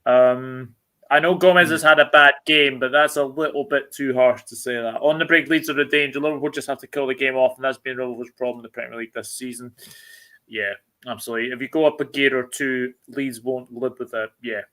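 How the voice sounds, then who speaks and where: Man, bright tense voice, reads chat comments, lots of ums, casual football chat. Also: medium pitch, fairly even intonation, fairly quick. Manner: reads viewer comments aloud, filler-heavy. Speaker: host reading chat comments.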